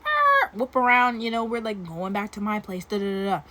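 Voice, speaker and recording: A woman's voice: medium pitch, huge pitch swings, normal speed, bright, forceful tone, slight background noise. A young woman casually telling a story to camera, talking chattily with lots of "like" and dramatic asides. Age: young adult. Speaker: storytime vlogger. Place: dorm room.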